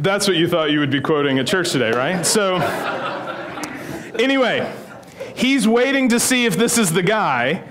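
A man's voice: high voice, fairly bright tone. A middle-aged male pastor preaching a sermon in a church, telling a story in a conversational, humorous way. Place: church sanctuary.

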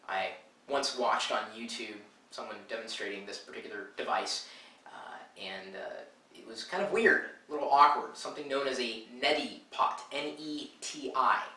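A man's voice: mid-range voice, recorded from a distance. A man with a stuffed-up, nasal voice chatting casually for a home video, rambling with lots of fillers. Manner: rambling with many filler uhs. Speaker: vlogger. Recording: bright echoey room, a bit off-mic.

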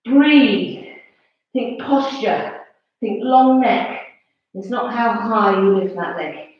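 A woman fitness instructor coaching a workout class with brisk, encouraging commands and counts. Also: a little high. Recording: very echoey, distant, dull-sounding room recording.

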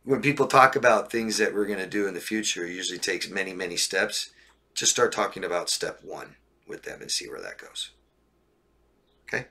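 Gravelly guy coach answering viewer questions live, blunt, keeps going "right?", bright edgy tone. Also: sits low, animated, fairly quick. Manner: blunt, repetitive, asks "right?" and "okay?". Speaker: relationship coach.

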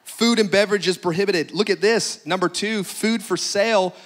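A man pastor with a high-pitched voice, giving practical announcements to his congregation. He talks in a playful, joking way and stretches things for laughs. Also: moderate pace.

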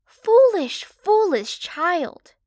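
A woman's voice: high voice, slow pace, dry recording, studio quality. Woman voicing an aging, worried mother pig. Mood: scolding. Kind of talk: audiobook character voice.

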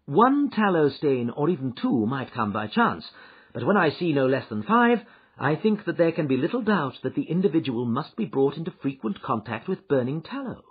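A man voicing a shrewd, confident detective who lectures in a brisk, precise way, in a dull, muffled recording. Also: a little high, very animated, slightly rough, full character voice. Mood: teasing. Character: shrewd confident male detective, middle-aged. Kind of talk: audiobook character reading.

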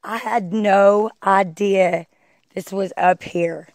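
Holding her phone as she walks a wooded trail outdoors, a woman records an excited vlog, slowly and with fairly even intonation in a medium-pitched voice. Her breathless exclamations keep urging viewers to look, and there's no echo.

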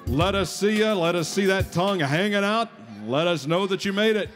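A man's voice: high-pitched, normal speed, fairly bright tone, soft background music. A man emceeing a live food-eating contest, joking with contestants and hyping up the crowd. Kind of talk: live event announcing on a PA.

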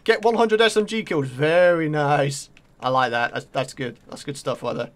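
A man with a British accent commentating live on his own gameplay, excitable and taunting his opponents. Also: fairly high pitch, normal speed, a little hiss or hum. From Britain. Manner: excitable, talks to opponents and viewers. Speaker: gaming video creator.

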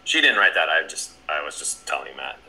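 A man's voice: very deep voice, big pitch swings, brisk, heavy background noise. A man co-hosting a comedy show, bantering and joking as he answers viewer comments. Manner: joking, wordplay-loving.

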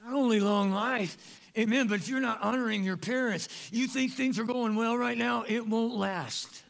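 A man preaching a sermon as pastor of a church, animated and joking, with sudden loud bursts. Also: very high-pitched, normal speed, creaky. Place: church sanctuary.

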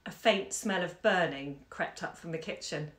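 A woman bookseller reading a short story aloud on a live stream from home, measured and lively in the dialogue. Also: on the low side. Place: home during lockdown. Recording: echoey room.

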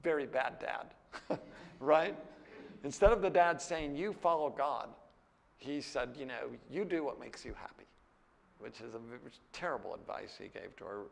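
A man's voice: measured pace, creaky, big-room sound. An older American man teaching a classroom Bible lecture, candid and conversational, often checking in with "right?" and "you know". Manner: lively, jumps higher when animated. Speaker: seminary teacher.

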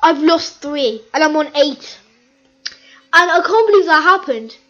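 Very high-voiced woman, slow and chatty. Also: lo-fi sound. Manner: excitable, chatty, repeats phrases. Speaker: gaming video host. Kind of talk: casual gameplay commentary.

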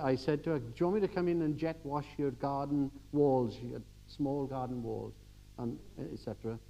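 A man's voice: medium pitch, muffled recording. Older man preaching a homely sermon. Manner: homely storytelling, swings from quiet to emphatic.

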